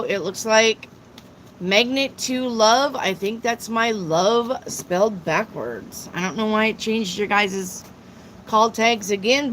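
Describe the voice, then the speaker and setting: Female live-stream tarot host, unhurried and talkative, reads out chat questions and answers them plainly. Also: a little high, slight background noise, poor audio. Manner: chatty, slow and drawling, repeats herself.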